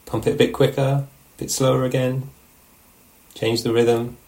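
At a retreat in a meditation hall, a man gives a relaxed dharma talk, reflecting and musing while often asking his listeners questions. His voice is mid-range and moderately paced, and the recording quality is low.

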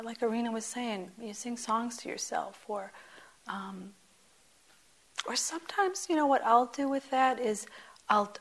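A woman meditation teacher giving a gentle, conversational dharma talk to a group, with many soft asides and some phrases dropped to a whisper. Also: fairly high pitch.

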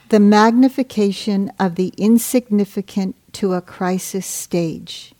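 Soft-spoken woman meditation teacher, mellow. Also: medium pitch. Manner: soft and gentle. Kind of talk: dharma talk.

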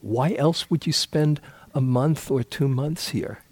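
Man, meditation teacher, unhurried dharma talk, mid-pitched, relaxed anecdotes. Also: no echo. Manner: relaxed storytelling with soft laughs.

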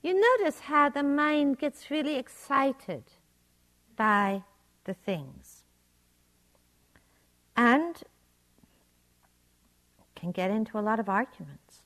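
A woman meditation teacher gives a dharma talk in a gentle, reflective way. She speaks unhurriedly, pausing often between phrases. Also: high-pitched, lively intonation.

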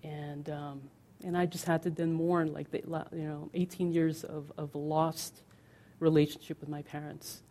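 Low, mellow-voiced middle-aged woman. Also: little pitch movement, moderate pace. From United States. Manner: conversational and candid, with many fillers. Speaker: meditation teacher. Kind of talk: dharma talk.

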